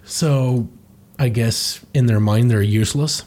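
A man's voice: mid-range voice, measured pace, dark tone. A man reading through a comic and commenting sarcastically, swearing casually. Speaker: comic reviewer.

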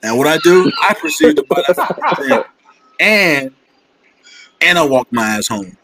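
A man's voice: fairly high pitch, very animated, moderate pace, crowd noise, rough recording. A young man in casual chat, animatedly telling a story full of slang and acting out the quotes.

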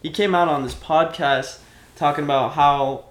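A young man co-hosting a podcast in casual chat, speaking in a halting, hesitant way. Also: on the high side, fairly even intonation, crowd noise. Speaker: podcast co-host. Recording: roomy echo.

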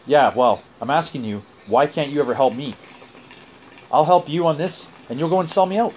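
A man's voice: on the high side, moderate pace, slight background noise. A man in a heated phone argument, lecturing angrily and swearing a lot. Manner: angry, profane, lecturing. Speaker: caller in a family phone argument.

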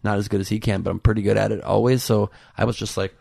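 A man's voice: on the low side, level tone, fast, gravelly, darkish tone, no room sound, studio quality. A man guest chatting on a podcast, telling rambling stories and poking fun at himself. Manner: rambling, self-mocking storytelling. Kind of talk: casual podcast chat.

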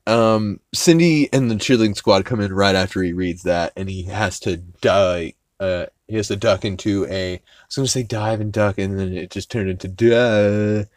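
Man, podcast host, low voice, dry close mic, rambling recap, casual swearing. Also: normal speed, hardly any pauses, no echo. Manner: rambling, profane, many fillers and restarts.

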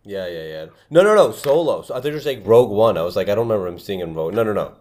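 A man's voice: fairly low pitch, lively intonation, racing, darkish tone. A young man in casual chat as a podcast co-host, rambling, restarting his sentences and laughing often.

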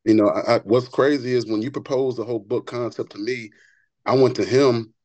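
A man, a barber and author, telling stories as a podcast guest in an earnest, animated way, often repeating words as he gets going. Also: medium pitch, brisk, no echo, dull audio. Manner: repeats words when excited. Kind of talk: conversational interview storytelling.

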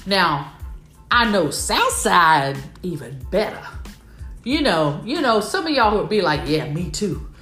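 Animated woman in an echoey room. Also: lowish voice, takes it slowly, soft background music. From Houston, Texas. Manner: animated storytelling, playfully acting out other people. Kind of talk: comedic motivational talk to an audience.

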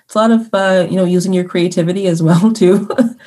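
A woman who manages an arts organization, chatting as a podcast guest, laughing often and filling pauses with "you know". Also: fairly low pitch, steady tone, dark tone. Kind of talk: casual interview chat.

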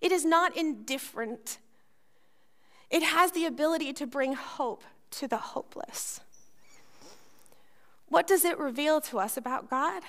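A woman's voice: high voice, a little slow, long pauses. A woman pastor preaching a sermon, telling a personal story and acting out the voices in it. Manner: animated storytelling, acts out voices.

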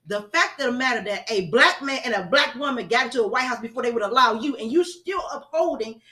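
A woman's voice: a little high, expressive, quick pace, sharp tone. A woman co-hosting a heated casual discussion who keeps cutting in to take the floor and press her argument. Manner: insistent, cuts in to take the floor. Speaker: podcast co-host.

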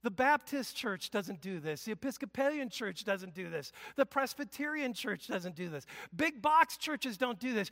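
Male pastor, conversational preacher with loud bursts; tense, forceful tone, long hall echo. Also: high-pitched, lively intonation, normal speed, hardly any pauses. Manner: emphatic, conversational preaching with sudden loud exclamations. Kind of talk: sermon. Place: church sanctuary.

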